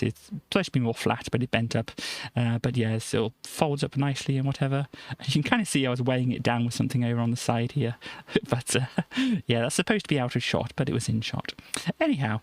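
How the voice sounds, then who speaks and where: A man's voice: medium pitch, dry recording. A man streamer chatting casually on a live stream, rambling with lots of restarts and giggles.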